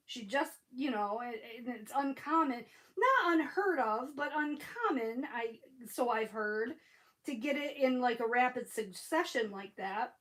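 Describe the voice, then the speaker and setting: A woman's voice: high-pitched, lively intonation, measured pace, a bit bright. A middle-aged woman hosting a crafting livestream, chatting and rambling through a story with casual swearing.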